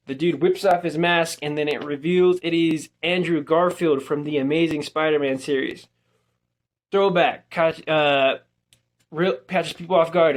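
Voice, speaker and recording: A young man casually reviewing a movie, retelling its scenes in an animated way and quoting the characters with plenty of "like.". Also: fairly high pitch. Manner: animated storytelling, quotes characters with filler "like".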